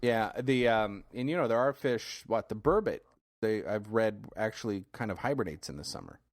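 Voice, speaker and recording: A man's voice: fairly low pitch, moderate pace, dry recording, clean studio sound. Easygoing male podcast co-host. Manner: easygoing, laughs readily, hesitant fillers. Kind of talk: casual chat.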